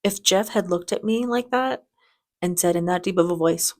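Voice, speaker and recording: A woman's voice: fairly low pitch, a little fast, darkish tone. Chatty woman hosting a reaction video. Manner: chatty and enthusiastic, with frequent restarts. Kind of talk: casual reaction commentary.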